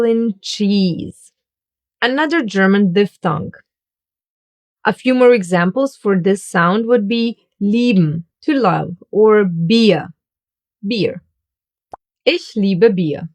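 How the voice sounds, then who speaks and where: Woman teaching german sounds, slow and careful, spells things out. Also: medium pitch. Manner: slow, deliberate, demonstrating sounds. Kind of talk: scripted pronunciation lesson.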